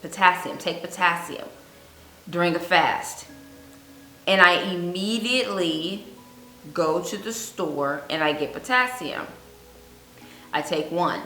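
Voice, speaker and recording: A woman giving earnest fasting advice on her vlog, telling a personal story and repeating points for emphasis. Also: fairly low pitch, sharp tone. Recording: echoey room with faint music.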